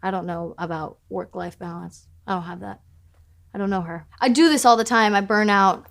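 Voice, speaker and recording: A woman's voice: medium pitch, normal speed, vocal fry, fairly bright tone. A young adult woman musician speaking frankly in an interview, with many "like" fillers, casual swearing and wry self-mocking humor. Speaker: musician discussing her album. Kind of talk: candid interview talk.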